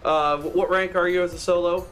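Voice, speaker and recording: A man narrating as game master for a tabletop role-playing session, halting often with fillers. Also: high-pitched, steady tone, a bit bright, a little hiss or hum. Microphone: streaming setup with audio box.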